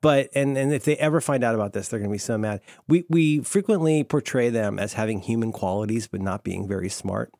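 A man's voice: mid-range voice, brisk, vocal fry, few pauses, dark tone, no room sound. A man hosting a casual podcast chat, playful and rambling, laughing often. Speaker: podcast host.

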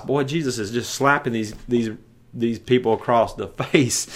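A man's voice: medium pitch, moderate pace. A man preaching a sermon, reading scripture aloud and breaking in with emphatic, punchy asides, often stumbling over and repeating words. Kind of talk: sermon with Bible reading and commentary.

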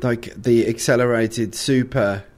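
A man's voice: medium pitch, steady tone, a little slow, a little mellow. An Australian man on a casual gaming podcast, relaying chat questions and thinking aloud with many fillers. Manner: thoughtful, trails off with fillers.

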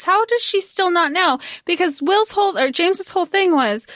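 A woman's voice: extremely high pitch, big pitch swings, normal speed, few pauses, fairly bright tone, no room sound, clean studio sound. A woman co-hosting a podcast, chatting casually about a book and quoting characters with a laugh. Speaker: podcast co-host.

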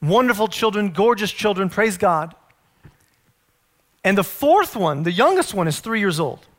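Middle-aged male pastor, higher register, earnest storytelling sermon delivery. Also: sing-song, fairly bright tone. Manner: earnest, storytelling preacher, slows to stress points.

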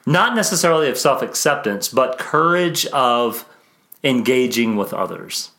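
A man's voice: medium pitch, lively intonation, measured pace, vocal fry. A man hosting a podcast interview, talking in a musing, conversational way, restarting sentences and trailing off as he frames his questions. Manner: warm, musing, many restarts and trailing phrases. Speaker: podcast host.

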